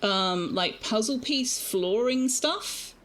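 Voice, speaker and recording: A woman's voice: on the high side, expressive, slow pace, fairly bright tone, poor audio. A woman chatting casually while streaming a game from home, talking to her viewers and now and then to her cat. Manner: chatty, talks baby talk to her cat. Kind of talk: casual live-stream chat. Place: home room with birds outside. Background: birdsong from outside.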